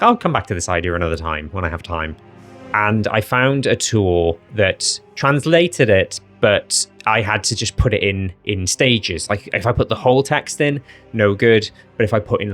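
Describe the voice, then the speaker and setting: A man with a very low voice, talking casually to his viewers. He is chatty and laughs at silly results, with faint music under his voice. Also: fairly bright tone. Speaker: dungeon master and video host. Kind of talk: casual explanation to camera.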